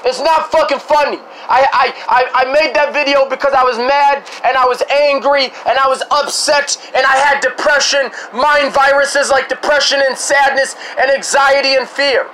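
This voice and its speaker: A man's voice: very high-pitched, steady tone, normal speed, hardly any pauses, sharp tone, slight background noise, poor audio. A man in an angry rant, swearing heavily and stumbling over repeated restarts. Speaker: vlogger. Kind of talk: angry ranting to camera.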